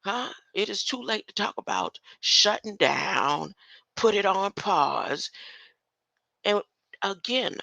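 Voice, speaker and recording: An older woman with a gravelly, bright-edged voice delivering a casual livestream rant. She talks slowly and in a confrontational way, with a lively pitch that swoops up and down, and she keeps tossing in rhetorical questions. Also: dry recording. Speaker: online commentator.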